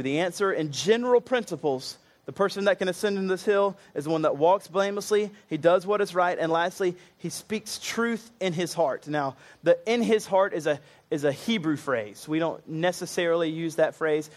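A man preaching a sermon, earnest and conversational, with casual asides to the congregation. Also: fairly high pitch.

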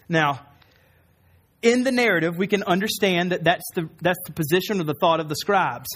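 A man's voice: high-pitched, moderate pace, fairly bright tone. A man preaching a sermon, earnest, repeating key phrases for emphasis. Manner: acts out quoted voices in a raised tone. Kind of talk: sermon teaching.

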